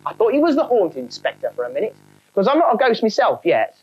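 A woman's voice: mid-range voice, sing-song, fast talker, dull audio, pitched above the performer's own voice. A woman voicing a chatty trainee ghost, cheeky and matey.

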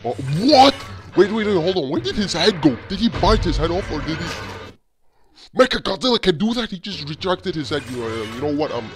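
A young man hosting a casual reaction video, excitable and constantly saying bro, with loud music behind him. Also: high voice, a little fast.

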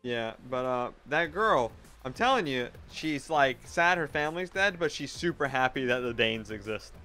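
A man's voice: medium pitch, expressive, normal speed, pushed and bright, soft background music. A man co-hosting a reaction show, casually but insistently arguing and explaining his reading of a scene. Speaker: co-host of a reaction channel.

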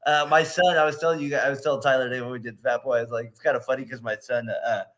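A man's voice: medium pitch, fairly even intonation, rapid-fire, fairly bright tone. A man in his late thirties, a podcast co-host and teacher, telling rambling stories in casual chat with plenty of fillers. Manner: rambling storytelling with laughs and fillers.

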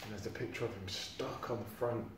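A man reading a storybook chapter aloud to a class, animated and acting out sound effects. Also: fairly low pitch, fairly quick, noisy background. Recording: echoey room.

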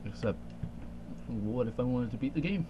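A man's voice: medium pitch, expressive, normal speed. Man, playing and talking casually, playful, laughs a lot, muffled lo-fi sound, light hiss. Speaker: let's play player. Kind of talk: casual gaming chat.

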